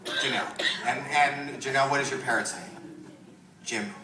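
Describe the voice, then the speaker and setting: Recorded live from a distance in a roomy comedy club, a man with a mid-range voice does crowd work at a moderate pace, teasing and riffing with audience members. Loud crowd laughter fills the background, along with a little hiss or hum.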